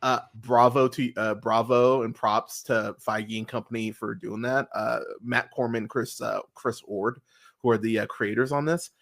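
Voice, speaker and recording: A man's voice: mid-range voice, steady tone, a little slow, gravelly, a bit bright. A man hosting a podcast, chatting casually and animatedly, swearing freely with many fillers and restarts. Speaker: podcast host. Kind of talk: casual podcast review chat.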